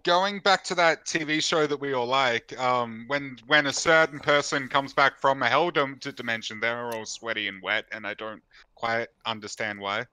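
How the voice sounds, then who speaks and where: Guy hosting a movie livestream, bright clear voice, dry close sound. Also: mid-range voice, normal speed, dry recording. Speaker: livestream host. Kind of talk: casual film chat.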